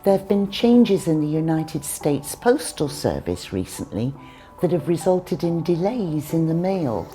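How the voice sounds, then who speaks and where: Low, lively-voiced woman teaching English. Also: a little slow, soft background music. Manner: explains vocabulary clearly, teacherly. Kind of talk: scripted lesson dialogue.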